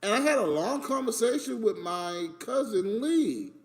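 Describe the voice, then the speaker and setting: High-voiced man ranting about family. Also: unhurried. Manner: animated, emphatic, recounting family arguments. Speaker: streamer in a played clip. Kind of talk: casual storytelling rant.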